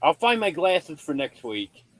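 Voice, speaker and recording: A man's voice: a little high, very animated, measured pace, a bit bright, dry recording. Easygoing male livestream host, dry sound. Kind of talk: casual late-night chat.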